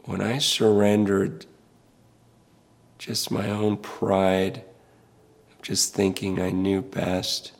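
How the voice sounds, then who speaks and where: A man's voice: low-pitched, completely flat delivery, very slow, vocal fry, long pauses. A middle-aged male pastor speaking in an earnest, preaching style, impassioned and pleading, repeating words as he builds.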